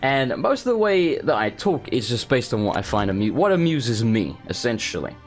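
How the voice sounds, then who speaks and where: A man's voice: mid-range voice, moderate pace, soft background music. A man from England hosting a let's play, giving casual, rambling commentary full of swearing and side rants. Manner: rambling, swearing, animated asides.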